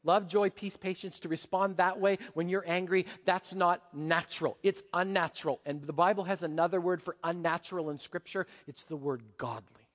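A pastor preaching a sermon, animated, dropping to a hush and rising to a shout. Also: male voice, high-pitched, moderate pace, hardly any pauses, in a large hall. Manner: animated, swings from hushed to shouting.

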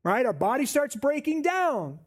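A man preaches in a high, animated voice. He keeps a conversational tone and slips into little acted-out voices of anxious people. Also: normal speed. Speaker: pastor. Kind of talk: sermon.

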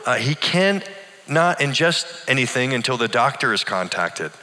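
A man's voice: mid-range voice, big pitch swings, moderate pace, bright, forceful tone, big-room sound, pitched above the performer's own voice. A man voicing a female hospital nurse who firmly and curtly refuses requests. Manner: clipped, firm, dismissive refusals. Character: curt rule-bound female hospital nurse.

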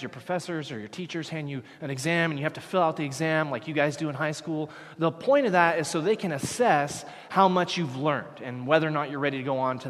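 A man preaching a sermon as pastor, talking casually, dropping low and then rising to emphatic peaks. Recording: long hall reverb.

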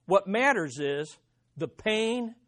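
A pastor preaching an expository sermon, stressing points by swinging between loud and hushed delivery and asking the listeners rhetorical questions. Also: mid-range voice, expressive, takes it slowly.

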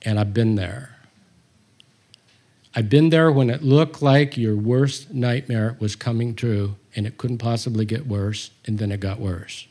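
A man's voice: mid-range voice, a little slow, dark tone. A man teaching a Bible study, reading scripture aloud and commenting on it with humor.

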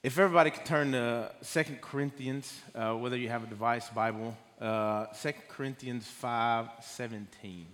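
A man giving his first personal testimony sermon in a church, talking in a halting, nervous way with many fillers and restarts. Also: mid-range voice, fairly even intonation, a bit bright. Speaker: guest speaker giving a testimony. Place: church sanctuary. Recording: long hall reverb.

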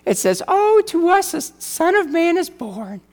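A man voicing a shocked relative reading a card, in a squealing falsetto with a North Dakota accent. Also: sing-song, a little slow, in a large hall, full character voice. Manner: squealing, aghast. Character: shrill startled relative opening a card.

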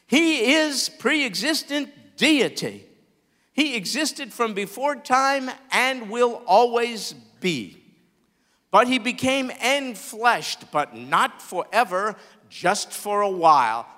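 A man preaching a sermon as pastor, expressive, with large swings in loudness. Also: high voice. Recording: long hall reverb.

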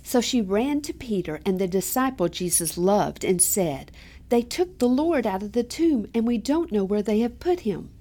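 A woman co-leading morning prayers, reading scripture and liturgy clearly and reverently. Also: mid-range voice, expressive, moderate pace, warm tone. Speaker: prayer co-leader.

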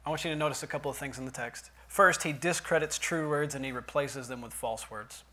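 A man preaching a sermon in a church, dropping to quiet asides and rising to loud emphatic lines. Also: mid-range voice, fairly quick. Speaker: pastor.

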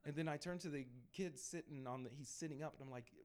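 A panelist with a somewhat high, clean-toned voice recounts his evangelism experiences in an animated testimony. Between stories he laughs, and he dashes off quick asides acting out pieces of conversation.

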